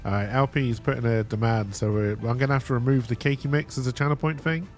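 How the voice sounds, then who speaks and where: A man's voice: mid-range voice, fairly even intonation, fast talker, faint music behind. A man chatting casually on a live game stream, reading and answering chat and laughing easily.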